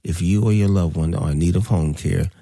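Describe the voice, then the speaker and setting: Deep gravelly guy hosting a radio talk show, dry close sound, preachy, keeps repeating himself. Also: fairly quick, warm tone, no echo.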